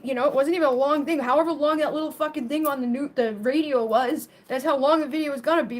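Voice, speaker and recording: A woman reading tarot on a casual live stream, rambling with lots of swearing, laughter and playful silly riffs on words. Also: sits high. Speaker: tarot reader.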